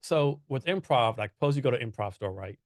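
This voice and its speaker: A man's voice: mid-range voice, expressive, fairly quick, dry recording, clean studio sound. A man hosting a casual interview podcast, asking meandering questions full of fillers. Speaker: podcast host.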